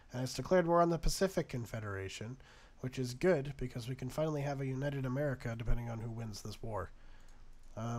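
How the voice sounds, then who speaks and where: Young male gaming host, mid-pitched, dry sarcastic play-by-play with exasperated outbursts. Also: darkish tone. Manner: exasperated, sarcastic, talks to the game's nations. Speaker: gaming YouTuber. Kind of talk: casual let's-play commentary.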